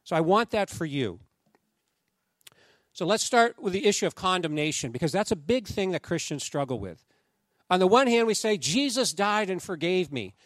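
A man preaching a sermon to his congregation, animated, acting out the voices of the people he quotes. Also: sits high, normal speed, dry recording, clean studio sound. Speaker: pastor.

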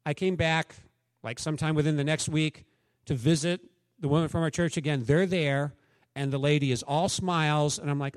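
A male pastor delivering a sermon in a candid, conversational way, slipping into little acted quotes as he tells stories. His voice sits a bit high for a man. The sound is dry and close, with no room echo. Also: fairly even intonation, normal speed.

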